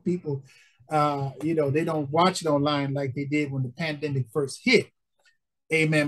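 A middle-aged man preaching with a high voice. He pleads with his listeners and repeats his lines, breaking in with "amen" and "praise God" as he goes. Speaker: pastor. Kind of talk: preaching appeal for support.

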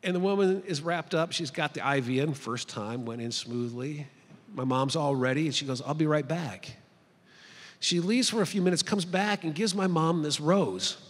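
A man giving a storytelling talk at a retreat for clergy, animated and acting out the voices of the people in his story. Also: on the high side, moderate pace, slightly rough, big-room sound. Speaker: retreat speaker. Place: large conference hall.

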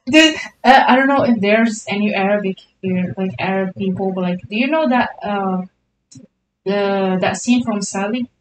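Woman, playful, teasing, middle pitch, casual chat, faint rumble. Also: measured pace. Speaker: streamer drawing with friends.

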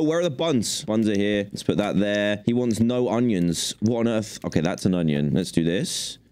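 A young man giving jokey, excitable let's play commentary and chattering to the game characters as he plays. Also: lowish voice, slight background noise. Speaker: gaming video host.

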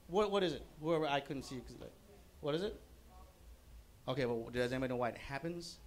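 A man's voice: mid-range voice, expressive, brisk, pauses often. Man, stand-up comic, loose rambling delivery, stage mic, bowling-alley showcase. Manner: loose, chatty delivery with frequent fillers. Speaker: stand-up comedian. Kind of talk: stand-up comedy set.

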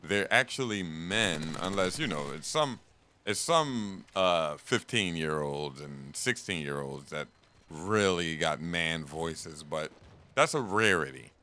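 A young man chatting casually and profanely while playing a video game, rambling and animated. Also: deep voice, takes it slowly, slight background noise. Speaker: gaming streamer. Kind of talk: casual gameplay commentary.

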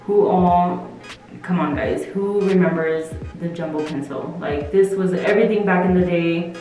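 A woman's voice: on the low side, a little slow, dark tone. A young woman with a put-on British accent, chatting playfully and rambling through a makeup tutorial at home, picked up by a camera mic. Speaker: makeup vlogger. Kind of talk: casual makeup tutorial chat. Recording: very echoey room with faint music.

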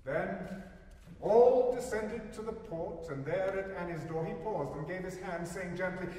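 A man in his sixties narrating a poem with an expressive, theatrical delivery, recorded live in a concert hall from afar. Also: sits high, a little slow, recorded from a distance. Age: 60s. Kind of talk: dramatic poetry recitation.

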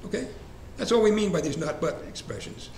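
A man's voice: high-pitched, lively intonation, fairly quick, a little mellow. A man leading a church Bible study class in a conversational way, asking the group questions and repeating verse references. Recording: echoey room, faint ambient hiss.

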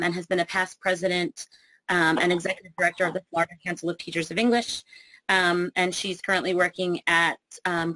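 A woman's voice: on the low side, bright, forceful tone, no echo, poor audio. A woman hosting a webinar and introducing the authors, with many ums as she reads through their biographies. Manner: frequent ums, reading introductions. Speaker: webinar host.

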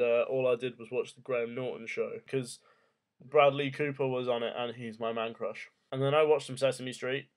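A young man in his twenties talks to camera at home, drifting from one odd thought to the next. His delivery is jokey and offhand, full of rhetorical questions and casual swearing, at an everyday middle pitch. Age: 20s. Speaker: vlogger. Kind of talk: casual rambling monologue.

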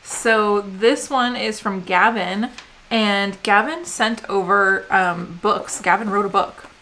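An American woman in her thirties co-hosts a vlog, chatting casually and rambling while she reads viewer mail, saying "um" a lot. Her medium-pitched voice is steady in tone, slow, and pushed and bright.

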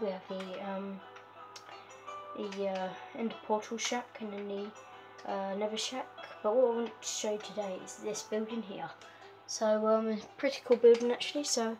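A woman hosting a casual game walkthrough, chatty and giggly, with lots of fillers and a habit of talking to her pet. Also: mid-range voice. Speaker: gaming video host.

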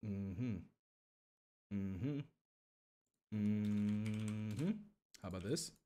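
A man's voice: on the low side, drawn-out words, dark tone. A man streaming a video game, rambling and joking to himself and his chat as he plays. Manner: rambling, joking self-talk while playing. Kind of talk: gaming livestream.

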